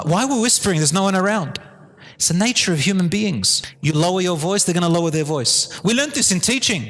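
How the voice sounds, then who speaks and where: Animated male speaker, slightly high voice, live talk in a hall with long reverb. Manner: animated, drops to a low calm tone to demonstrate. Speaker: Islamic teacher giving a talk.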